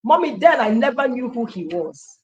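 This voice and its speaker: Woman: Nigerian woman, animated storyteller. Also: a little high, moderate pace, dull audio. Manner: animated storyteller who acts out quoted dialogue; slips into Nigerian Pidgin. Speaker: guest telling her life story. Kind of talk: personal testimony in an interview.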